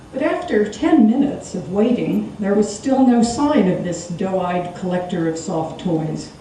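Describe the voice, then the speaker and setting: A woman performing a wry, expressive story reading live in a theatre. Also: mid-range voice, slight background noise. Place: theatre stage. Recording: echoey live stage, distant mic.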